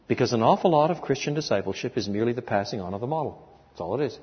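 Husky older preacher in echoey hall. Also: male voice, medium pitch, fast, muffled recording. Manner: animated, rising to emphatic rhetorical questions, many restarts. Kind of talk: expository sermon.

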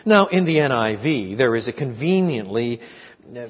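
An older man preaching an expository sermon, animated and full of restarts, building to emphatic rhetorical questions. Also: medium pitch, normal speed. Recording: lo-fi, echoey hall recording.

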